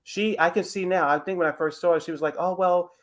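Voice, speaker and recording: A man's voice: fairly high pitch, quick pace. A man calling in to a live show, giving rambling, gossipy commentary on a reality TV episode. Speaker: caller. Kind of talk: casual call-in commentary.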